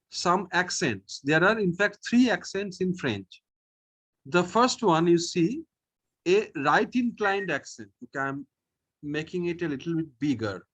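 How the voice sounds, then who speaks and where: A man teaching a French lesson online, slowly and patiently, repeating each sound and often checking in with "okay". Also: high-pitched, a bit bright, slightly rough.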